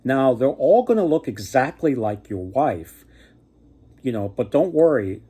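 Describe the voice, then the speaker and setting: A man's voice: mid-range voice, very animated, unhurried, mellow, slightly rough, voice pushed up. A man voicing a helpful talking male condor in a casual storytelling, matter-of-fact and chatty. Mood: instructive.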